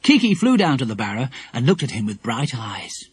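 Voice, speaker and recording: A man narrating a children's audiobook in an animated, expressive way. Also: mid-range voice, brisk, husky, dry recording.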